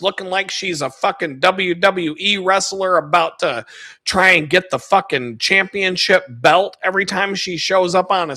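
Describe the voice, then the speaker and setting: A man with a high, bright voice hosts his own video and rambles through an anecdote. He swears freely and laughs often. He turns loud and excited when he gets to the funny part. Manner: profane, laughs a lot, gets loud retelling stories. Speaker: video host. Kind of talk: casual rambling storytelling.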